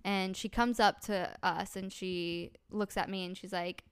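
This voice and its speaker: Brief: woman, 20s, podcast co-host, casual storyteller, clean resonant tone, mid pitch. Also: measured pace, clear, resonant tone. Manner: animated storyteller, heavy "like" filler. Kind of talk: casual chat.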